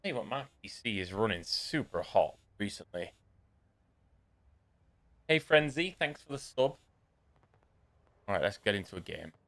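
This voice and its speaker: A man's voice: lowish voice, lively intonation, normal speed, long pauses, a bit bright. A young man chatting casually and rambling with jokey asides while live-streaming a shooter game.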